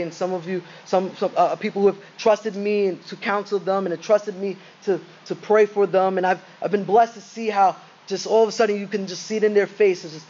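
Male pastor, very high voice, earnest conversational sermon, muffled lo-fi recording. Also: a little mellow. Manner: earnest, conversational preaching with rhetorical questions.

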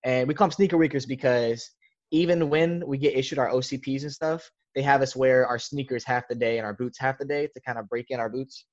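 A man's voice: medium pitch, steady tone, fairly quick, lo-fi sound. A young man, a podcast guest, telling a casual story in a rambling way, full of filler words. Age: young adult.

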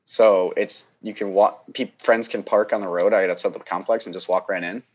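A young man with a fairly low voice tells a long, winding story in casual conversation. He keeps restarting sentences and slips into quick impressions of the people involved. He laughs often along the way. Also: muffled recording. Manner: rambling, animated, acts out the people he quotes, laughs often. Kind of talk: casual chat.

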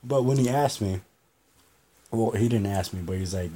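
A man's voice: on the low side, normal speed, dark tone. A man hosting a podcast, telling a story in a rambling, repetitive way and swearing freely. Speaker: podcast host. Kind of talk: casual storytelling monologue.

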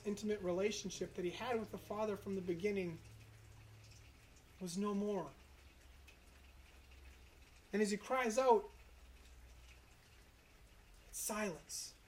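A preacher giving an earnest, reflective sermon, citing scripture and slowing down to stress key moments. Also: mid-range voice, darkish tone, a little hiss or hum. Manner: earnest, reflective, slows for emphasis.

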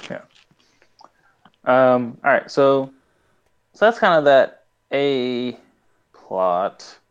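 A man's voice: medium pitch, expressive, extremely slow, clear, resonant tone, highs cut off. A man co-hosting a podcast in casual chat, rambling through a show recap with lots of fillers and frequent laughs. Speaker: podcast co-host.

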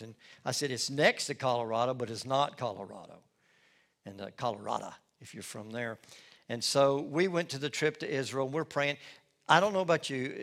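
A middle-aged man preaches from the pulpit, sharing his own testimony. He speaks in a folksy storytelling manner and pokes fun at himself. His voice sits at an ordinary pitch for a man. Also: fairly bright tone. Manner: folksy storytelling with self-deprecating humor. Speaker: lead pastor. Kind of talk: sermon with personal testimony.

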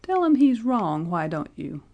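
A woman's voice: fairly low pitch, sing-song, a little slow, vocal fry, darkish tone, highs cut off, exaggerated voice. A woman voicing a querulous, complaining old man who has just been born, whining and quavering as he speaks. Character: querulous old man, newborn, whiny and demanding.

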